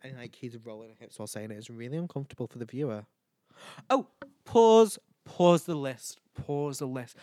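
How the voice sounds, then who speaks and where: A man's voice: a little high, a little mellow, dry recording, clean studio sound. A tired, tipsy man rambling and swearing as he hosts his own chat show. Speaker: podcast host. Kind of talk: casual solo chat.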